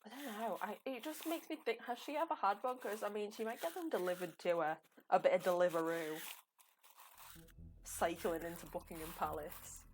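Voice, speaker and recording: A woman's voice: mid-range voice, moderate pace, faint music behind. A young woman, chatting and rambling with a giggle while she streams a game. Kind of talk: casual live game commentary.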